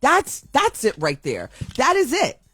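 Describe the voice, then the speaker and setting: A woman with a high voice rants in an emotional vlog, her pitch swinging widely as she repeats herself and restarts her sentences. She sounds upset and heartfelt throughout. The recording is dry and close, with faint music behind her. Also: wildly swooping pitch, measured pace, bright, forceful tone, husky, no room sound. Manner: impassioned, repetitive ranting with many restarts. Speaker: video commentator.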